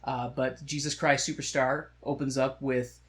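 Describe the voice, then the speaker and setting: A man's voice: medium pitch, little pitch movement, normal speed, fairly bright tone. A man co-hosting a podcast, chatting casually about musicals in a joking, sarcastic way, telling stories full of asides. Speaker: podcast co-host. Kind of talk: casual chat reviewing musicals.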